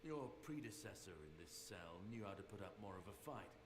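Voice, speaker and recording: A mocking, menacing jailer in a video game. The voice sits low and deep. It carries a steady sneer over clear ambient background noise. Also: male voice, fairly quick, echoey room, rough recording. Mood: contemptuous. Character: gruff male jailer taunting a prisoner.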